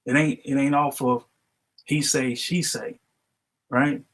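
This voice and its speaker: A man's voice: medium pitch, little pitch movement, takes it slowly, a bit bright, poor audio. A man chatting casually as a guest on a livestream, loose and slangy, with frequent restarts.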